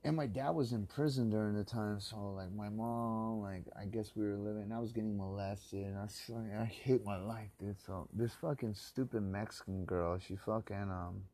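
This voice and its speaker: A man's voice: fairly low pitch, steady tone, moderate pace, few pauses, warm tone. A man from the Los Angeles area in a rambling solo podcast monologue, talking bitterly and with constant swearing, often rising into angry rants.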